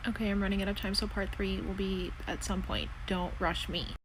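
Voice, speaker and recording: A woman's voice: medium pitch, fairly even intonation, a little fast. A young woman telling a story in parts to her phone camera, emphatic and swearing freely. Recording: noisy phone recording.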